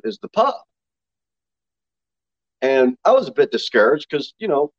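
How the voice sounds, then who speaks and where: A man preaching a sermon as pastor, telling a story and pressing his point with sudden jumps in pitch. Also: highs cut off. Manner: animated, preaching with sharp rises in pitch. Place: church sanctuary.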